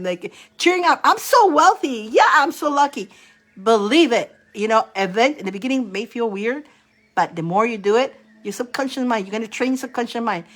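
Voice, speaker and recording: On a live stream, a tarot card reader with a mid-range, fairly bright voice does readings in a chatty, encouraging way. She laughs often and repeats mantras out loud.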